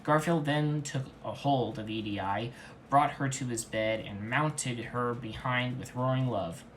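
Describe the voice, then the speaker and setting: Deadpan man reading absurd fanfiction. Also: mid-range voice, measured pace, a little hiss or hum. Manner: deadpan, mock-serious. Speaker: fanfiction reader. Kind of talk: comedic deadpan story reading.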